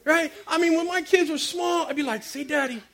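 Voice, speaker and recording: A man giving a lively comic sermon, quizzing the crowd and acting out little stories. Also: very high voice, fairly quick, a little hiss or hum. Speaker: preacher speaking to a youth audience.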